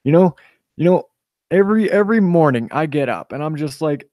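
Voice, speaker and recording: A man's voice: a little high, lively intonation, fairly quick, dark tone, no room sound, clean studio sound. A young man chatting casually on a live stream, rambling and swearing as he reads out chat comments.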